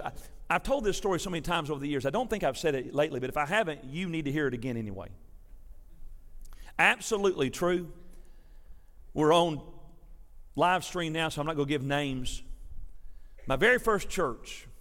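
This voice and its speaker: Man, pastor, folksy sermon storytelling, high and lively voice, long reverb of a sanctuary. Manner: folksy, animated storytelling preacher.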